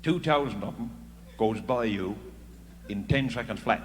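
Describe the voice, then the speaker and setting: A man's voice: lowish voice, moderate pace. A middle-aged man with a Newfoundland accent telling comic stories on stage in a chatty, folksy way and laughing at his own jokes. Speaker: comedian. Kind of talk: live stand-up storytelling. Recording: live stage recording in an echoey hall. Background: audience laughter and crowd noise.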